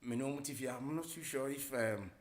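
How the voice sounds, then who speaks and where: A man's voice: mid-range voice, a little fast. Rambling Ghanaian radio host, middle-aged man. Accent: Ghanaian English. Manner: rambling, mixes English with Twi, many fillers. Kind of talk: casual radio talk.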